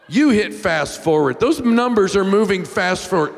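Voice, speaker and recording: A middle-aged man preaching in a large church hall, his voice trailing off into a long reverb. He tells his story with raw emotion, sinking to near-whispers and then climbing to shouts. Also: high voice, animated, moderate pace, vocal fry, few pauses. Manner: emotional, swings from hushed to shouting. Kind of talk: sermon storytelling.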